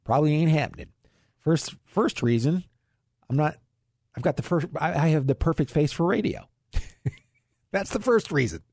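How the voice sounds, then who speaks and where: A man's voice: fairly high pitch, normal speed, a little mellow, no echo, studio quality. A middle-aged man from Ohio hosting a radio show on investing, talking in a folksy way with chuckles and restarts. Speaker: radio show host, financial advisor. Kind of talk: casual radio talk on investing.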